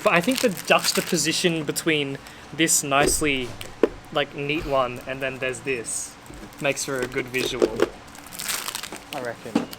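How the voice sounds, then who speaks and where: A woman's voice: a bass voice, steady tone, a little slow, long pauses. A young woman with an Australian accent, chatting playfully and teasing while unboxing. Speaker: cubing video host. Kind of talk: casual chat while unboxing. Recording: loud crinkling packaging noise.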